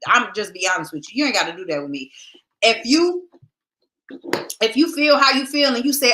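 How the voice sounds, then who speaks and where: A woman hosting a podcast, chatting casually with her viewers and reading their comments in a lively, direct way. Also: on the high side, slight background noise. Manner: lively, talks straight to viewers, drawn-out "child, listen". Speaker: podcast host.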